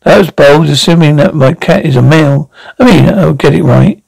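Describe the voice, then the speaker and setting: A woman's voice: sits low, moderate pace, creaky, a little mellow, slightly rough, no echo, full character voice, poor audio. An actress playing a wry, blunt single woman who owns a cat, speaking in a TV drama. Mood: dry. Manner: wry, blunt, self-mocking. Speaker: single cat owner at a party. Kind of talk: TV drama dialogue.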